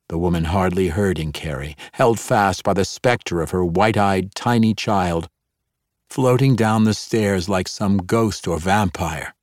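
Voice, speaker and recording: A man narrating a dark fantasy audiobook in a measured storytelling manner. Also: low voice, no room sound, studio quality.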